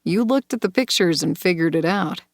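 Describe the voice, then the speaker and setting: A woman voicing a smooth, manipulative man in an audiobook thriller, speaking softly and coaxingly. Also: fairly low pitch, normal speed, no room sound, clean studio sound. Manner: soft, coaxing, sinister calm. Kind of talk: audiobook character voice.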